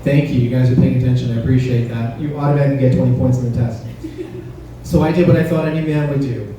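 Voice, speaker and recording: A man's voice: mid-range voice, fairly even intonation, fast talker, dark tone, lo-fi sound. A man performing a stand-up comedy set on stage, teasing the crowd with a punchy, conversational delivery. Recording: roomy, distant club recording with faint noise.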